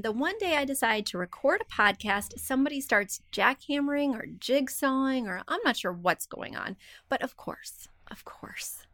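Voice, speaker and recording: A woman's voice: a little high, fairly bright tone, no echo. A woman hosting a casual design-advice podcast, reading listener emails aloud and answering them with chatty, self-deprecating confidence. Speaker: podcast host and interior designer. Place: small room indoors, street noise outside.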